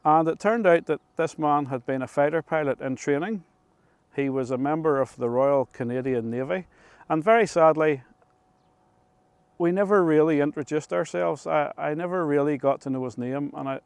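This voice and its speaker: Middle-aged Northern Irish man, clear voice. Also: a little high, dry recording. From Northern Ireland. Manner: unhurried, chatty, restarts mid-phrase. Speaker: vlogger. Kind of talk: storytelling to camera. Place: rooftop of an old control tower, outdoors.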